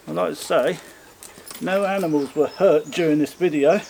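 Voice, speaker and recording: A man chatting casually as a bushcraft vlogger in his garden, rambling and self-mocking, often slipping into high coaxing talk for his pets. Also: moderate pace, gravelly, darkish tone. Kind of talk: casual chat while working outdoors. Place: home garden outdoors. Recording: noisy outdoor garden recording.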